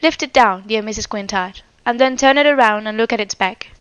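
A woman voicing a calm, clever young sleuth. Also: a little high, brisk, smooth, no room sound, dull audio, close to an everyday voice. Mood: gentle. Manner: quiet, tender, assured.

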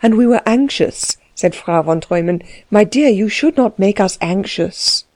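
An aggrieved, fussy older lady speaks reproachfully, as a woman reads her. The voice is mellow and dry, an audiobook reading. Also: mid-range voice, lively intonation, measured pace, no echo, natural voice.

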